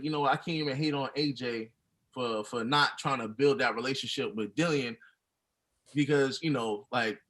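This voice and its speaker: A man with a bright, forceful voice talks loosely about boxing on a podcast. He uses plenty of slang and laughs easily, and his pitch sits in the middle. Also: low-quality recording. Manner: laid-back, loose slang, laughs often. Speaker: podcast co-host. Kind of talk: casual chat reacting to a documentary.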